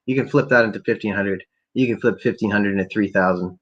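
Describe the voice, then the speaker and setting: A Canadian man with a lowish voice talks fast on a muffled-top recording, hosting a solo late-night podcast from his laptop at home. He's stoned, swears nonstop, and rambles and rants while keeping quiet for the neighbors.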